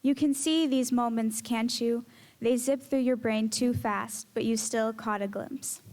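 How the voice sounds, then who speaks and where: A teenage girl reading her own poems aloud in a measured, earnest way. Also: fairly high pitch, steady tone, a little mellow. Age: teens. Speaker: student poet. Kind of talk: poetry reading.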